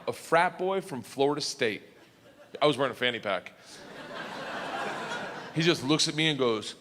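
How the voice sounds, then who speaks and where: A male stand-up comedian telling a story to a live audience, animated and loud, shouting his punchlines. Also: mid-range voice. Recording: echoey venue with long reverb.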